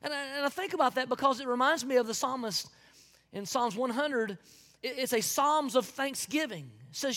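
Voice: sits high, animated, moderate pace, a bit bright, in a large hall. A pastor with a Southern US accent preaching a sermon with folksy asides and sudden whoops of joy.

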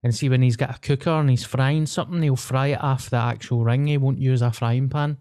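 A man's voice: mid-range voice, fairly even intonation, fairly quick, mellow. Rambling, sweary Glaswegian man. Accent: Glaswegian Scottish. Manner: sweary, rambling, mimics people. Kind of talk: casual podcast chat.

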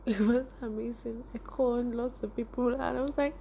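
A young woman with a Nigerian accent tells a personal story straight to her viewers. Her voice sits high and keeps breaking into laughter and tearful emotion. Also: steady tone, a little fast, vocal fry, hardly any pauses, mellow, slightly rough. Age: young adult. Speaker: vlogger.

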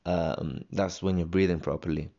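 A man's voice: low-pitched, steady tone, moderate pace, warm tone, lo-fi sound. A young man hosting a solo podcast, rambling casually with many fillers and restarts. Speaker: podcast host.

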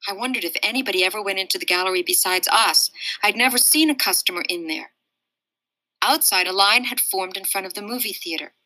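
A woman reading a children's novel aloud in a steady, expressive storytelling manner. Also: mid-range voice, brisk, no room sound, low-quality recording. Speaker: reader.

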